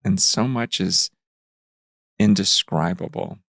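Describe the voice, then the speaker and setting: A man in his fifties, a pastor, telling a story earnestly in conversation, growing animated as he retells it. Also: sits low, slow, creaky, no echo, clean studio sound. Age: 50s. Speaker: pastor, guest.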